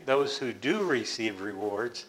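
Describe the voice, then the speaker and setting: Male Bible teacher, measured and explanatory, average pitch. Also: expressive, fairly bright tone, poor audio. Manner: measured, explanatory, with small restarts.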